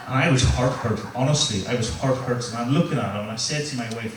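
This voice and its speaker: Northern Irish comedian in an echoey club. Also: male voice, medium pitch, animated, a little fast, few pauses, distant mic. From Northern Ireland. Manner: crude, crowd-teasing banter. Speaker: stand-up comedian. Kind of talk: live stand-up set. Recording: echoey venue, mic heard from afar, room noise.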